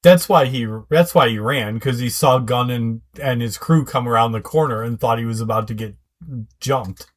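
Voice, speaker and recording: A man's voice: mid-range voice, moderate pace. A man co-hosting a podcast, casually explaining plot points to his partner. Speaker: podcast co-host. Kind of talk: casual recap chat.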